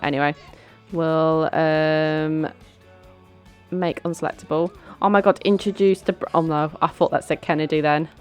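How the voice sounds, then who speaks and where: Low-voiced woman playing a game. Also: steady tone, moderate pace, a little mellow, smooth. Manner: chatty, bossy with her characters, giggly. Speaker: let's play host. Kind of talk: casual gameplay commentary. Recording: faint background music.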